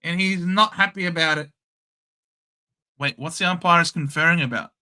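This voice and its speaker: A young Australian man runs a casual live watchalong, calling each passage of play with blunt, excitable chatter. His voice is slightly high and very bright and sharp, sitting forward and tense. He jumps between play-by-play and offhand opinion like a regular host of his own show. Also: moderate pace. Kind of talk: casual live match commentary.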